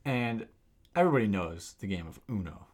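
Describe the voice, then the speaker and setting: Teenage guy ranting loudly. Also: on the low side, fairly quick, a little hiss or hum. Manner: animated, swears a lot, acts out angry players. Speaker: podcast co-host. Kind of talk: casual chat.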